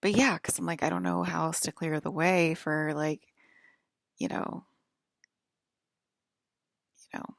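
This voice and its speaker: A woman's voice: sits low, steady tone, a little slow, creaky, long pauses, dry recording, clean studio sound. A young woman talking in a rambling, casual monologue full of fillers and apologies. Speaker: vlogger.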